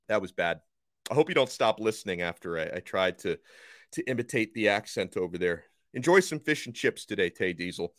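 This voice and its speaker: A man hosting a solo sports podcast, talking fast and with enthusiasm. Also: lowish voice, expressive, a bit bright, dry recording, studio quality.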